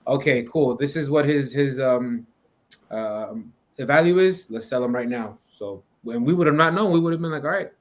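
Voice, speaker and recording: An American man co-hosting a casual sports podcast, talking in a relaxed, agreeable way with some stammered restarts. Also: mid-range voice. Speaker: podcast co-host.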